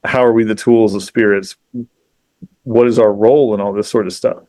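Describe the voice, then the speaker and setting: A man in casual podcast conversation, retelling a story in a lively, profane way, peppered with "you know" and "like.". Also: on the low side, normal speed, dry recording. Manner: animated, profane, acts out quoted characters; frequent fillers like "you know" and "like". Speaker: podcast guest.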